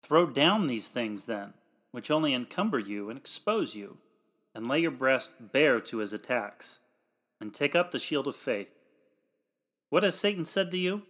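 A man delivering a read sermon in old-fashioned, formal pulpit language, emphatic and growing louder on the exhortations. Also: mid-range voice, big pitch swings, unhurried. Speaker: preacher.

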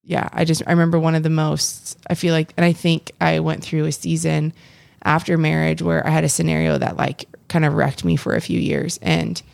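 A woman's voice: low voice, level tone, fairly quick, creaky, darkish tone, no room sound, studio quality. A young adult woman co-hosting a casual faith podcast, earnest and rambling with frequent restarts. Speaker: podcast co-host.

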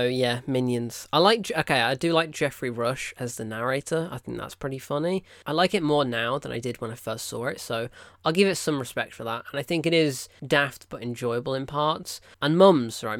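A British man reviews a film in a dry, close-sounding recording, talking at an everyday middle pitch. He rants in exasperation, bites off curses midway and breaks into nervous laughter. It comes across as a casual, unscripted review. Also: dry recording. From United Kingdom. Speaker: film reviewer, show host.

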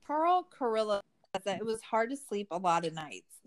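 A woman's voice: medium pitch, very animated, normal speed, hardly any pauses. A woman co-hosting a casual true-crime recap, sarcastic and profane, full of "like" fillers. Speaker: podcast co-host.

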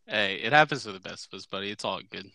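A man in casual podcast chat, enthusiastic and quick to laugh. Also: fairly low pitch, expressive, gravelly, pushed and bright, no room sound.

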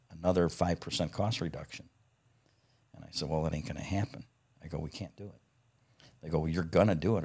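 A middle-aged man, founder of a parts company, is the guest in a casual interview, telling blunt, profane stories and frequently laughing as he goes. His voice is deep with a breathy edge.

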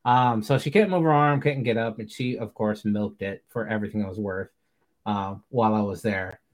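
A man's voice: on the low side, moderate pace. Chatty laughing man on a podcast. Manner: chatty, laughs often, swears casually. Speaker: podcast host. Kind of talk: casual chat.

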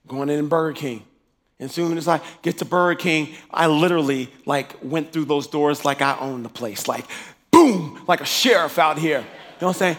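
A man telling his faith testimony in a lively, animated way, acting out dialogue and laughing as he goes. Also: fairly high pitch, moderate pace, long pauses.

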